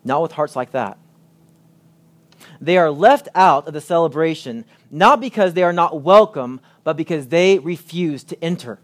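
A man preaching a sermon, reading scripture aloud and stressing points with emphatic pauses. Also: a little high, expressive.

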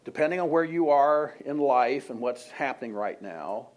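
A man's voice: mid-range voice, expressive, normal speed, darkish tone. Guy preaching at church, casual storytelling sermon, asks the room questions. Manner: conversational storytelling, frequent "I mean," questions to the congregation. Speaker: pastor.

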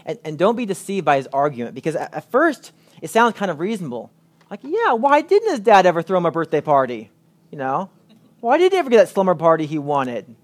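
A man preaching a sermon, reading scripture aloud and stressing points with emphatic pauses. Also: a little high, huge pitch swings.

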